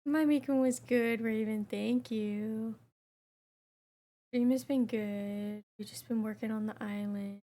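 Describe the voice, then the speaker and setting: A young woman streamer chats casually with her viewers while gaming, reading their messages aloud in a relaxed way. Her voice is a little high and her pace is slow.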